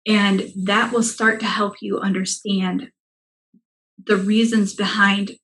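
A woman's voice: medium pitch, slow pace, low-quality recording. A woman guest on a podcast, a money mindset coach giving advice in an earnest, reassuring way. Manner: earnest and reassuring, speaks in steady explanations.

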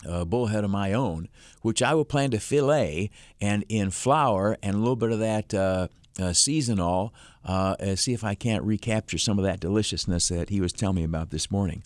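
Brief: fifties male talk-radio host, folksy and rambling, low-ish voice, dry studio sound. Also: moderate pace, no room sound. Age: 50s. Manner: folksy, rambling, many "uh" fillers, chuckles. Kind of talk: casual storytelling on talk radio. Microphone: studio microphone, dry.

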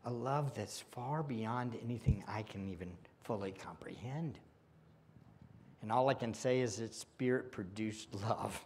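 A man preaching a sermon as pastor, moving from hushed whispers to loud emphatic exclamations. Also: on the low side, a little hiss or hum. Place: church sanctuary.

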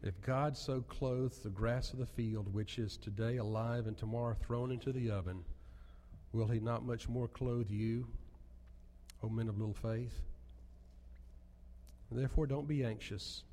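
A man's voice: medium pitch, fairly even intonation, measured pace, dark tone. Man preaching in a reverberant church. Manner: earnest, emphatic preaching with rising peaks. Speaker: pastor. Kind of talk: sermon.

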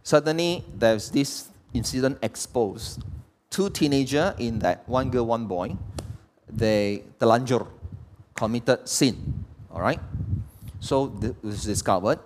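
A man's voice: medium pitch, takes it slowly, darkish tone, slight background noise. A man, preaching a sermon as pastor and throwing rhetorical questions at the congregation. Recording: long hall reverb.

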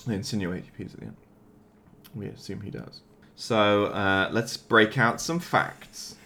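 A man co-hosting a casual movie podcast from home, relaxed and chatty, often correcting himself mid-sentence. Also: on the low side, takes it slowly, gravelly. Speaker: podcast co-host.

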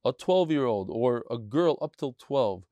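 A man giving a lively, chatty Talmud lesson, mixing Yiddish and Hebrew terms. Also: medium pitch, a little slow, dry recording. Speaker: Talmud teacher giving a daily daf shiur.

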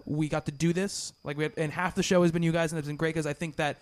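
A man's voice: fairly high pitch, little pitch movement, fast. A man hosting a podcast in casual chat, rambling with many restarts and fillers. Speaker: podcast host.

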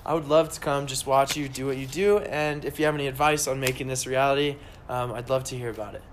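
A man's voice: mid-range voice, fairly even intonation, quick pace. A young man chatting casually with students, giving encouraging career advice with lots of fillers. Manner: encouraging, upbeat, many fillers.

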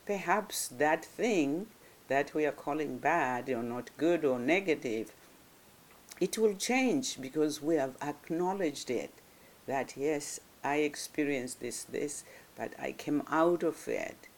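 A self-help speaker giving a reflective motivational monologue, thoughtful and speaking in short phrases with frequent pauses and restarts. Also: medium pitch, animated. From grew up in a village in another culture.

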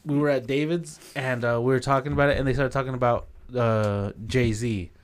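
A man's voice: mid-range voice, steady tone, moderate pace, smooth. A man chatting casually on a podcast, laid-back and slangy with plenty of swearing. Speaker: podcast co-host. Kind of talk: casual chat.

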